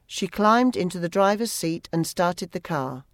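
An audiobook narrator who reads a first-person story in a steady, measured way. The voice sits in a middle pitch, recorded close up with no room echo.

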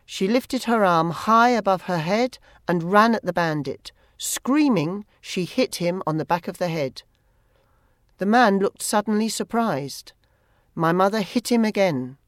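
An audiobook narrator reading a first-person story in a measured, plain manner. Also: medium pitch, animated, no echo, clean studio sound.

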